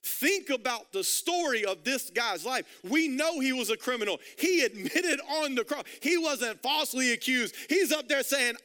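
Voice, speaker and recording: A man preaching a sermon, emphatic and repetitive, swinging between hushed lines and loud ones. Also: very high-pitched, animated, moderate pace, few pauses. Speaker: pastor.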